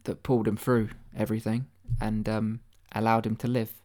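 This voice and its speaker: A man delivering a deadpan satirical conspiracy monologue, mock-earnest and rambling, with stammered restarts and swearing. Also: fairly low pitch, moderate pace.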